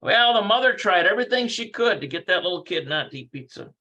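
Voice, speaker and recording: Lively bright-voiced man teaching casually. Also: high-pitched, fast, dull audio. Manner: rambling, thinks aloud and corrects himself. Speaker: Hebrew teacher. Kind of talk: casual livestreamed language lesson.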